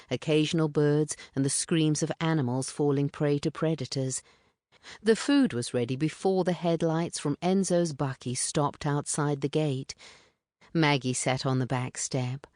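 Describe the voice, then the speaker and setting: A woman reading literary fiction aloud as an audiobook narrator, in a measured, even way. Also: low voice, dry recording, clean studio sound.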